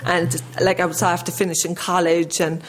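A woman's voice: fairly low pitch, little pitch movement, moderate pace. An Irish woman in her thirties giving a personal testimony in church, earnest and conversational, her voice a little shaky with emotion. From Ireland. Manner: earnest, conversational, with many restarts.

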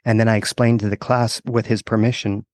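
A man's voice: on the low side, little pitch movement, brisk, darkish tone, no echo, studio quality. A man who works as a PE teacher and coach, telling a story in a casual, earnest way with frequent restarts.

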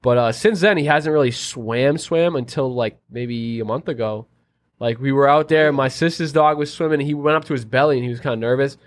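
A man's voice: mid-range voice, brisk. A man chatting casually on a podcast, telling stories in a laid-back, slangy way. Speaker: podcast guest or co-host. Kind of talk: casual chat.

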